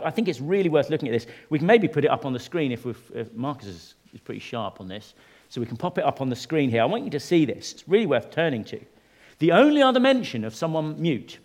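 A man preaching a sermon, talking conversationally with the congregation and swinging from soft, low remarks to loud, emphatic rises.

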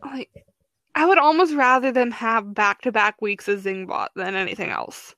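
A woman's voice: on the high side, fairly bright tone, dry recording. Chatty young woman, dry close sound. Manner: chatty, filler-heavy, quick restarts. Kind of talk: casual chat.

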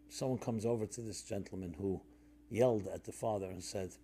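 A man giving a reflective sermon-style talk, conversational with fillers and restarts, dropping to a soft low voice when telling stories. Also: a little fast, a little hiss or hum.

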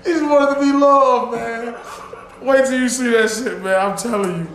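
Man, very high voice, podcast host, laughing storyteller, profane, echoey room. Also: moderate pace, fairly bright tone, slight background noise. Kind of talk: casual podcast chat. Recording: echoey room with faint ambience.

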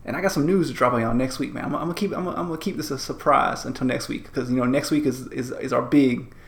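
A man's voice: medium pitch, fast, reverberant. A man in his thirties, a podcast co-host chatting casually in a laid-back, rambling way. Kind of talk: casual chat.

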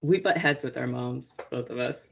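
Low, gravelly woman chatting casually. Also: normal speed. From grew up in Italy in a military family. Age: 30s. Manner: chatty, laughs often, storytelling. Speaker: podcast co-host. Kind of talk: casual chat.

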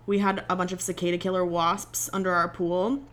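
A woman's voice: lowish voice, flat delivery, a little fast. A woman co-hosting a podcast in casual chat, talking in long rants full of "like". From Illinois. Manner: chatty, ranting, peppered with "like". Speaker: podcast co-host.

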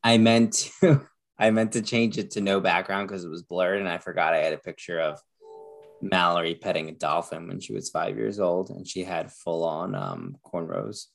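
A man's voice: deep voice, fairly even intonation, normal speed, vocal fry. A man co-hosting a podcast over a video call, casual and jokey, laughing easily. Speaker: podcast co-host. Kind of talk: casual chat. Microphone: video call mic.

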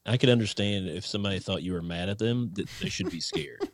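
A man's voice: fairly low pitch, fast talker, gravelly, no echo, studio quality. A man in casual chat who jokes around and acts out mock rants.

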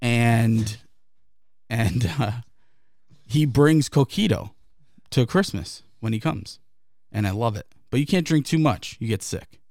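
Rambling, swearing podcast host. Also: male voice, medium pitch, takes it slowly, pauses often, darkish tone, dry recording, clean studio sound. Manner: rambling, laughing, heavy swearing. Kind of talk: casual podcast banter.

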